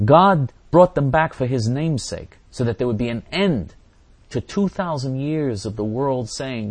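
A man's voice: medium pitch, lively intonation, a little slow, slightly rough, no echo. A man giving impassioned religious teaching and answering viewer questions, repeating phrases and acting out quoted voices.

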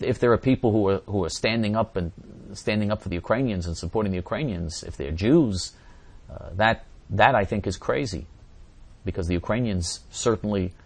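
A man with a lowish, breathy-edged voice hosts a show reading forum questions and answering viewers at length. He repeats and restarts words, and his remarks turn heated and emphatic.

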